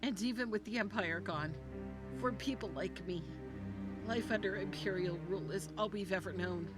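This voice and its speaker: A woman reading game dialogue aloud as a solemn war survivor mourning the dead, in a measured, somber way. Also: medium pitch, pitched below the performer's own voice, close to an everyday voice. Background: game music.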